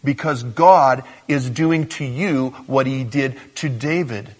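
A male pastor delivers a sermon with a slightly husky voice. He talks to the congregation casually and pokes fun at himself, shifting between quiet reflection and louder emphasis. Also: medium pitch, slow. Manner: conversational, self-deprecating, addresses congregation as gang.

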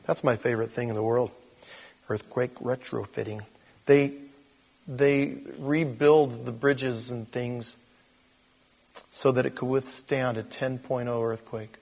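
A man preaching a sermon as pastor, talking conversationally and building up to loud, animated storytelling. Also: mid-range voice, unhurried, vocal fry, long pauses, in a large hall.

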